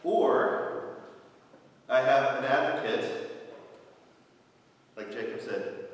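A man's voice: medium pitch, unhurried, long pauses, a bit bright, slight background noise. A man preaching as pastor, telling a playful story in a conversational way with light laughs, in a church sanctuary. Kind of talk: sermon. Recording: distant, echoey church hall.

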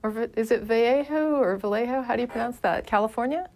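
A woman co-hosting a call-in show, reacting quickly and laughing easily with callers. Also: a little high. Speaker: co-host.

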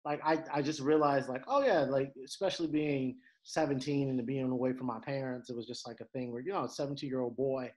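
A man in his thirties from Detroit, a guest on a podcast, telling stories in a lively, animated way and acting out the voices of the people in them. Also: medium pitch, fairly quick, few pauses, low-quality recording. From Detroit, USA. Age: 30s. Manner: animated storyteller, acts out quoted voices. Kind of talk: casual conversation, storytelling.

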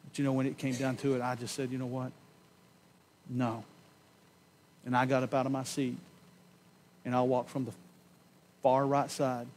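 A man preaching a sermon in a church, giving an impassioned personal testimony that swings from loud emphasis to hushed tones and slows on key words. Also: medium pitch, completely flat delivery, a little hiss or hum. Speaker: pastor. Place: church sanctuary.

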